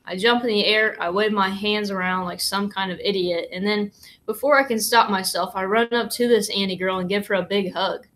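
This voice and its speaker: A woman reading a children's novel aloud in a steady, plain storybook manner, with only light changes for the characters. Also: medium pitch, rough recording. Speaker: reader.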